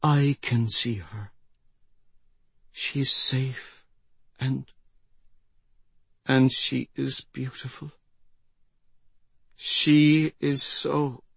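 A man's voice: medium pitch, steady tone, drawn-out words, vocal fry, long pauses, breathy edge, no room sound, voice pushed up, exaggerated voice. Man whispering as a dying frail old woman. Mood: tender. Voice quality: thin whisper.

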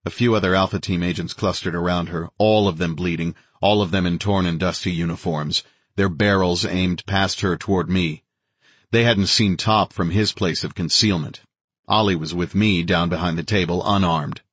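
A man narrating an audiobook in a steady, dramatic reading of scripted narration. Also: deep voice, normal speed, breathy edge, dry recording.

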